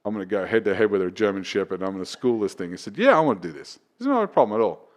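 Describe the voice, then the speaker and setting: Man telling a loud, profane story. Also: on the low side, racing. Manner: profane, builds to loud excited retelling. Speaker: comedian guest. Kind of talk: casual podcast storytelling.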